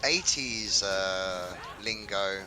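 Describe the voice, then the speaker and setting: Low-voiced man chatting over gameplay. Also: extremely slow. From London, England. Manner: laid-back, swears casually. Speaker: streamer playing a video game with friends. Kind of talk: casual gaming chat.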